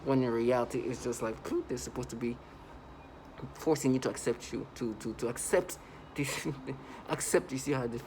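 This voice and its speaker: A man's voice: medium pitch, moderate pace, darkish tone, a little hiss or hum, rough recording. A man delivering a casual vlog monologue, emphatic and repetitive, often restarting his sentences. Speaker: vlogger.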